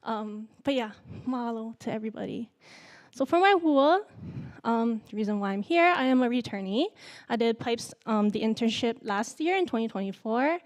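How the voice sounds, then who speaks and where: A young woman from Hawaii, giving a nervous, halting student presentation full of fillers. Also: on the high side, animated. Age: young adult. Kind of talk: symposium presentation.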